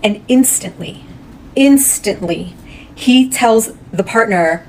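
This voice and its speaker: A woman's voice: medium pitch, fairly quick, a little hiss or hum, poor audio. A woman retelling a true crime case in a casual, blunt, heated way, swearing often.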